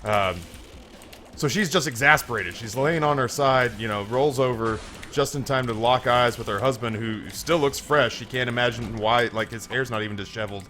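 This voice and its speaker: A man's voice: mid-range voice, moderate pace, sharp tone, a little hiss or hum. A man casually commenting on a video game and telling a long joke, with frequent stammered restarts.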